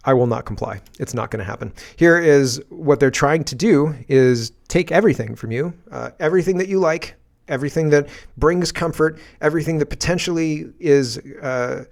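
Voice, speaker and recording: A man's voice: medium pitch, vocal fry. A man hosting a livestream from his garage, ranting about politics in a defiant, emphatic and profane way. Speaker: political commentary host. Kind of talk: unscripted livestream rant.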